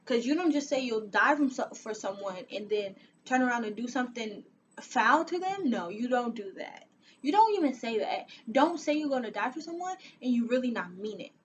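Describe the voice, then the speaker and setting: A young woman with a high voice tells a personal story on her vlog. She is animated and dramatic, with sighs and laughs. A faint hum of noise sits behind her at home. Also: moderate pace, lo-fi sound. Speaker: vlogger.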